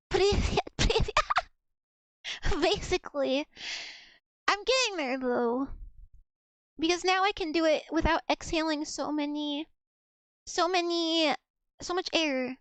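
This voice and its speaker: A woman's voice: high voice, fairly bright tone, no room sound. A young woman streaming casually, giggling and repeating practice words over and over as she learns to pronounce them.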